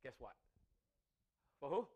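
A man preaching a sermon, swinging from loud exclamations to quiet asides and asking the congregation "right?". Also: takes it slowly, phone-quality sound.

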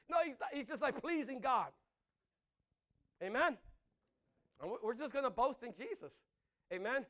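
A man preaching a sermon, animated and laughing between phrases, often asking the congregation "Amen?". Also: very high-pitched, normal speed, pauses often. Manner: breaks into laughter mid-sentence.

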